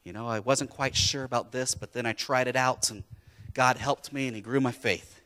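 Forceful male pastor preaching. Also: medium pitch, steady tone, normal speed, in a large hall. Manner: emphatic, repeats key phrases. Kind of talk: sermon. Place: church.

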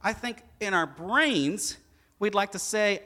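A middle-aged man delivers a sermon in a high, bright voice. His preaching is animated and rises to loud peaks, then drops to quiet, hushed lines. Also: slow. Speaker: pastor.

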